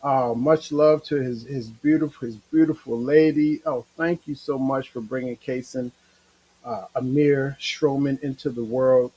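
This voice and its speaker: A middle-aged man hosting his own livestream show, talking in a rambling, emotional, animated way. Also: mid-range voice, a little slow, slightly rough, low-quality recording. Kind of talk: casual livestream monologue.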